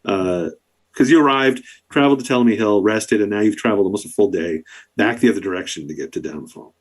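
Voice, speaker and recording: A man narrating a tabletop game as dungeon master, loose and chuckling as he fills in the scene. His voice is husky and sits a little low. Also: fast.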